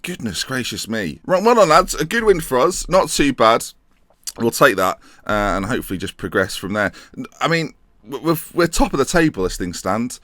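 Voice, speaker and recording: A young man giving excitable, jokey let's-play commentary on a football management game, thinking aloud as he goes. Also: mid-range voice, normal speed, dry recording, studio quality. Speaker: gaming YouTuber.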